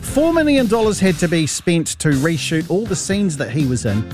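Brief: jokey New male radio host, slightly high voice, music bed running beneath. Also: big pitch swings, normal speed. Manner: playful, easily sidetracked, jokey. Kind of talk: casual radio chat.

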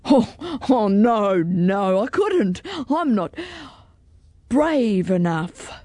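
A woman's voice: mid-range voice, animated, very slow, dark tone, no echo, clean studio sound. A woman reading a storybook aloud, voicing a big timid male dragon who sighs, hesitates and sobs. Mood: sad. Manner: sighing, hesitant, sobbing.

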